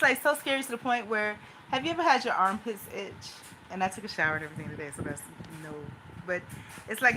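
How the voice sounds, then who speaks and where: A woman vlogger talks through her worries in a rambling, run-on way, anxious and restless. Her pitch sits in a middle range. A steady hiss of background noise runs under the recording. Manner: anxious, talks things out in loose run-on asides. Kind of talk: rambling personal venting monologue.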